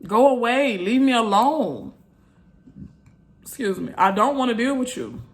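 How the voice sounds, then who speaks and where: A woman's voice: on the high side, big pitch swings, measured pace. A woman vlogger, venting bluntly and repeating herself in an exasperated rant to her viewers.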